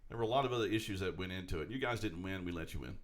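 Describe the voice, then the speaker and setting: A man, co-hosting a casual chat show, rambling and animated with lots of restarts. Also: sits low, racing. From Tennessee. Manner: rambling, animated, puts on voices. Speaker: podcast co-host.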